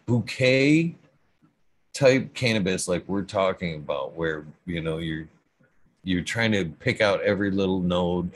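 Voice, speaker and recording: A man's voice: deep voice, slight background noise. A middle-aged man talking casually about growing, rambling and stuttering, with frequent swearing. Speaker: cannabis grower guest. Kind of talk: casual podcast conversation.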